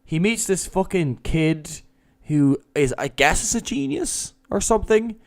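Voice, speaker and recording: A man's voice: sits high, sing-song, measured pace, vocal fry. A man casually hosting a podcast, talking in a sweary, sarcastic way and mocking characters with put-on voices. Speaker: podcast host.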